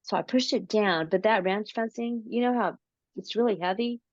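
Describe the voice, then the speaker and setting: A woman being interviewed, telling a long story slowly and casually, with many fillers and restarts. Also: medium pitch, no room sound. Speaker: interview guest, paranormal researcher. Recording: dull lo-fi audio.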